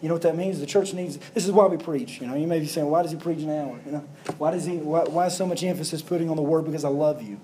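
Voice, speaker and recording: A man's voice: a little high, fast talker, warm tone, a little hiss or hum, low-quality recording. A man preaching a sermon as pastor, building emphasis through repeated phrases.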